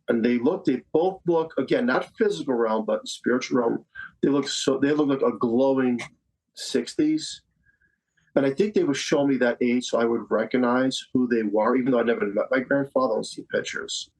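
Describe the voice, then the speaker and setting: A man's voice: mid-range voice, normal speed, poor audio. A man in his fifties from Staten Island, a psychic medium guest telling a personal story in conversation, earnest and repeating phrases for emphasis. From Staten Island, New York. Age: 50s.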